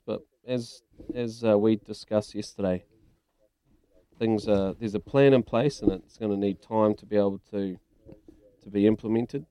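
Mellow-voiced New Zealand radio bloke. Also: male voice, low-pitched, dry recording. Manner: chatty, matey, rambling with fillers. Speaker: radio sports co-host. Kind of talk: casual radio sports chat.

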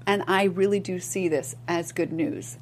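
A woman co-hosting a podcast, chatting about politics in an animated, exclamatory way with stammering starts. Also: lowish voice, measured pace, a little hiss or hum. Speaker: podcast co-host. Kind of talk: casual political chat.

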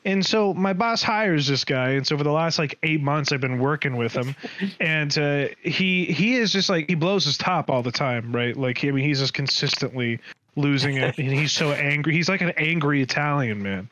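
A man with a somewhat higher voice tells a long story on a podcast, animated and rambling, often stopping to correct himself. The recording is dry and a little dull, with no room sound. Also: normal speed, no echo. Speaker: podcast host. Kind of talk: casual storytelling chat.

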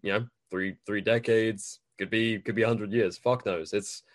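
A man's voice: on the low side, fairly even intonation, normal speed. A man chatting casually, with sardonic jokes and frequent stumbles and repeated words. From Britain. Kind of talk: casual chat.

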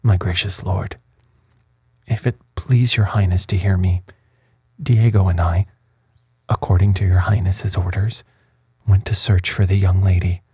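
A terrified servant who stammers over his words and pleads with his lord, read by a man. The voice is husky and breathy, on the dark side, and comes out in small anxious bursts. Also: low voice, steady tone, unhurried, long pauses, dry recording, studio quality, heavily acted. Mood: frightened. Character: frightened stammering male servant.

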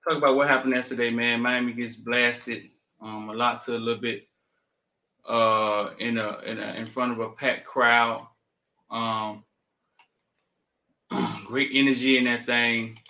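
A man hosting a laid-back call-in stream, repeating phrases and using slang as he runs the show. His voice is mid-pitched with a bright, forceful tone. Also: level tone, unhurried, long pauses. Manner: loose, repetitive, slangy patter. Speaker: show host. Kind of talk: casual live-stream talk show.

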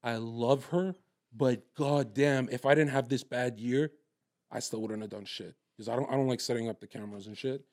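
A man's voice: mid-range voice, fairly even intonation, normal speed, a little mellow. A man talking in a brash, crude, swaggering way, telling stories in a casual chat. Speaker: guest.

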